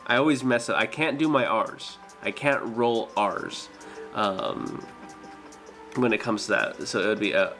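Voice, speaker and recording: A man's voice: on the low side, unhurried, a bit bright, soft background music. A man chatting casually with his stream viewers, hesitant and full of fillers and restarts. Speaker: streamer and dental worker.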